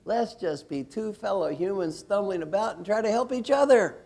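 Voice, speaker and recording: A man with a fairly high but mellow voice coaches a room full of people in a lively workshop. He is animated and playful, swinging from low, confiding remarks to loud calls that rally the crowd. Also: normal speed, vocal fry. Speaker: executive coach leading a workshop. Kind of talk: lively workshop talk to a live audience.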